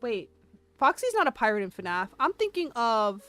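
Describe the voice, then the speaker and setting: A woman streaming a history presentation live, excitable and self-deprecating, laughing often and reading chat aloud. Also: fairly high pitch, normal speed. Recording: faint music behind voice.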